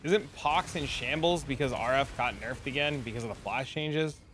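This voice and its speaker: A man streaming a game, chatting casually with viewers, profane and animated when telling a story. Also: mid-range voice, moderate pace, a little hiss or hum. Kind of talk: casual chat.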